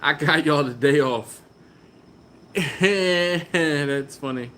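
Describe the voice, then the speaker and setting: Slow-talking man hosting a live stream. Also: fairly high pitch, fairly bright tone. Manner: chatty, laughs often, reads viewer comments aloud. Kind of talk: casual live-stream chat. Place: warm garage beside a running smoker. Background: fan running.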